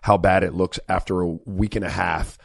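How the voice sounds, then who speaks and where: A man's voice: low-pitched, steady tone, moderate pace, vocal fry, no echo, clean studio sound. A man co-hosting a casual sports talk show, rambling with many fillers. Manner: rambling, heavy fillers like "like" and "look".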